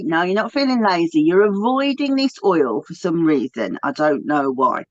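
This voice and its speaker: A woman's voice: lowish voice, lively intonation, moderate pace, no echo, lo-fi sound. A woman with a British accent, co-hosting a casual chat in a chatty, enthusiastic way. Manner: chatty, enthusiastic, self-talking asides. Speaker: podcast co-host.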